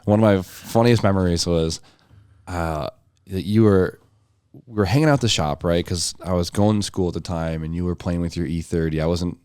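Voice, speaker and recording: A young man in his twenties in a casual chat who tells animated stories, swears freely and mimics the voices of the people in them. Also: low-pitched, normal speed, clear, resonant tone, no echo, studio quality.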